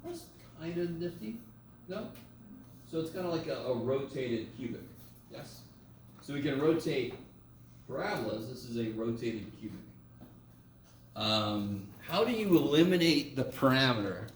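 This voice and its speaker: A man's voice: mid-range voice, big pitch swings, unhurried, pauses often. A man giving a casual, joking math lecture in a classroom, swearing now and then as he works through problems. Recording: echoey classroom from a distance, faint room noise.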